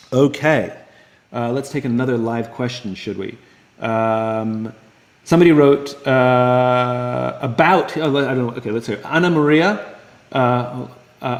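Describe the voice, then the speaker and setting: A man hosting a live book club Q&A, with an ordinary middle-range voice. He thinks out loud and often restarts his sentences. He acts out both sides of conversations. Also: medium pitch. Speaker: host of an online book club. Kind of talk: live Q&A talk to viewers.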